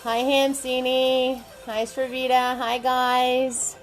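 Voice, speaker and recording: A woman's voice: high-pitched, little pitch movement, slow pace, poor audio. A woman hosting a live painting class, chatting with viewers and greeting them by name as she works. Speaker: paint party instructor. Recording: faint music behind.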